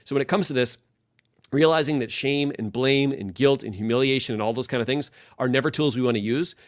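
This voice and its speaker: A man in his thirties or forties coaches leaders in a loose, talkative way. He rattles along quickly in a mid-range voice, full of energy, and keeps checking in with little "right?" asides. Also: medium pitch. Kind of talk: casual direct-to-camera talk.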